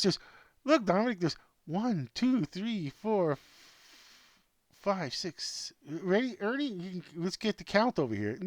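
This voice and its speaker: A man's voice: high voice, no room sound. A man hosting a home-made sports news show, rambling off script at his laptop, chatting to himself and his plush toys. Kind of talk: casual off-script commentary.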